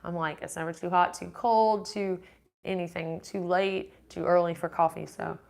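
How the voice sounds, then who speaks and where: A woman hosting a casual live-stream Q&A reads viewer comments aloud and responds in a rambling, chatty way, restarting frequently. Her voice is on the low side, gravelly and a little mellow, with a steady tone and moderate pace.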